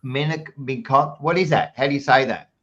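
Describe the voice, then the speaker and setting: A man's voice: fairly high pitch, fairly quick, a bit bright, highs cut off. An Australian man hosting a podcast, chatting casually and reading out live chat messages with jokey, blokey banter, calling everyone mate. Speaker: podcast host.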